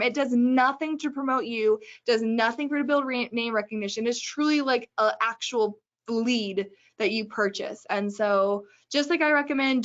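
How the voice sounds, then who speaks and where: Brief: woman webinar host, slightly high voice, chatty and joking, dull lo-fi stream sound. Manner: chatty, joking, brisk advice. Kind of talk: casual webinar talk.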